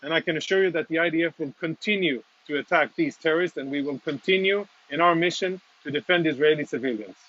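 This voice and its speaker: A man speaking as a military spokesman, reporting live and earnestly from inside a damaged apartment, audibly emotional with halting restarts. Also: a little high, fairly bright tone, muffled recording. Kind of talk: live walk-through report.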